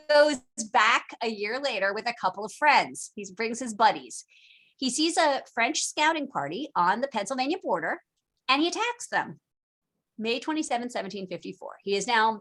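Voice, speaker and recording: Woman, fairly high pitch, casual online lecture, chatty, animated, video call. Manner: chatty and animated, acts out historical figures in jokey quoted voices. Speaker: teacher.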